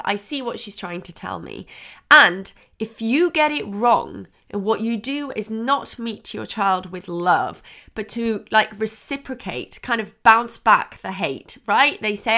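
A woman hosts a parenting podcast in an earnest, reassuring way, and her voice is bright and clear. Now and then she acts out the words of a child or a parent. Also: medium pitch. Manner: quotes child and parent voices in shifting tones. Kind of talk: podcast advice talk.

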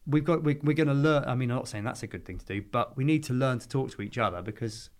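A man, a divorce lawyer talking earnestly in a podcast conversation, often restarting his sentences. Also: mid-range voice. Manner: earnest, halting with frequent restarts.

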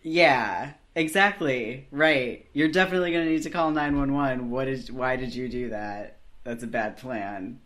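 A woman's voice: rumbling low, moderate pace, hardly any pauses. A woman co-hosting a podcast, reacting with enthusiasm and joking casually about a book. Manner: enthusiastic, laughs often, animated reactions. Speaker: podcast co-host. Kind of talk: casual comedic book discussion.

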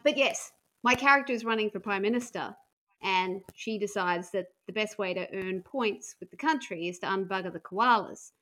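A woman's voice: medium pitch, normal speed, sharp tone. A woman comedian from Australia telling bawdy stories in casual podcast chat, laughing often. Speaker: comedian guest.

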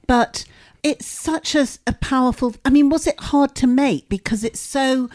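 A woman's voice: high voice, unhurried, darkish tone. An older woman co-hosting a podcast in casual chat, effusive and teasing, calling people darling. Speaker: podcast co-host.

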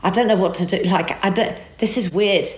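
A woman telling an emotional personal story as a guest, animated and acting out the dialogue. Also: mid-range voice, brisk, roomy sound.

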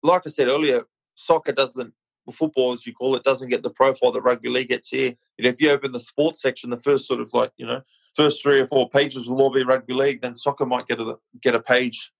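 A man's voice: medium pitch, fairly even intonation, fast, vocal fry, no echo, low-quality recording. An Australian man chatting casually as a podcast guest, laid-back and easygoing. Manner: laid-back, says mate a lot. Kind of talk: casual chat.

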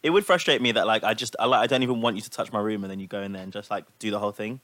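A man's voice: lowish voice, rapid-fire, a bit bright, no room sound. A man in casual chat, reacting and filling his talk with "like". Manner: reactive, says like a lot.

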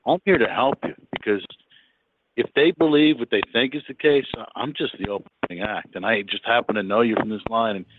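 A man's voice: fairly low pitch, brisk. A man calling in, pushy and talking over the host. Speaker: caller. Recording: tinny phone line with faint noise.

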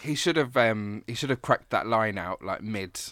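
A man's voice: lowish voice, expressive, normal speed, a bit bright, no echo, clean studio sound. A man in his thirties co-hosting a casual film review podcast, rambling with many hesitations. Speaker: podcast co-host.

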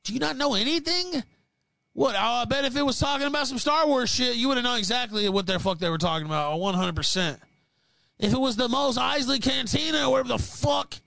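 High-pitched man ranting and shouting. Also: lively intonation, a little fast, gravelly, dry recording. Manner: shouting, swearing, mocking, swings between yelling and muttering. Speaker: livestream host. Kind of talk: angry profane rant.

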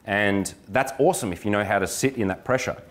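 Energetic lower-voiced male dating coach. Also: a little fast. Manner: energetic, joking, acts out examples. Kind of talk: live workshop lecture.

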